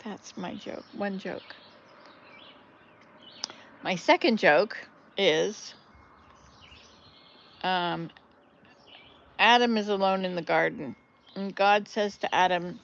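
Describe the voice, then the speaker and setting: An older woman, a grandmother, chatting casually and telling jokes on her vlog, laughing loudly at the punchlines. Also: medium pitch, slow pace, gravelly, pauses often, highs cut off. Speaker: vlogger. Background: birdsong.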